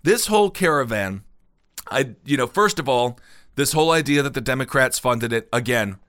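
Bright-voiced joking man in his thirties. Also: medium pitch, animated, moderate pace. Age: 30s. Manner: joking, sarcastic asides. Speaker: podcast co-host. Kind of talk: casual political chat.

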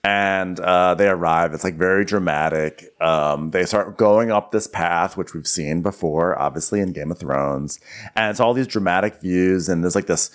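A man's voice: low-pitched, moderate pace. A man co-hosting a comedy podcast, recapping a TV episode in a rambling way, with lots of "like" and mocking quotes.

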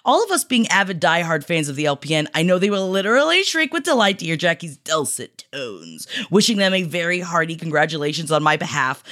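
A woman hosting a podcast, reading listener shout-outs in a gushing, emotional way, teary and laughing. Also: lowish voice, very animated, a little fast, few pauses. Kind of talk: casual podcast chat.

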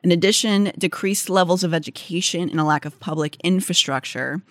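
Woman, young adult, Pittsburgh accent, lowish voice, chatty podcast co-host, dry close sound. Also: a little fast, no echo. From Pittsburgh area, United States. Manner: chatty, many "like"s and restarts. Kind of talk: casual chat mixed with read-out facts.

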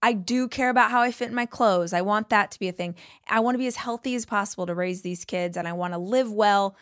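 A woman in her thirties hosting a podcast interview, talking in an animated, chatty way and swearing casually. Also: mid-range voice, fast talker, dry recording, studio quality. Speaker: podcast host.

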